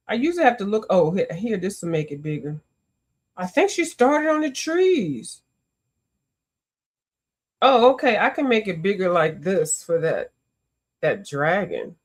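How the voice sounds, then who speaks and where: Hosting a coloring stream, this woman speaks in a voice on the high side. Her casual chat is lively and talkative, with frequent exclamations and greetings to viewers.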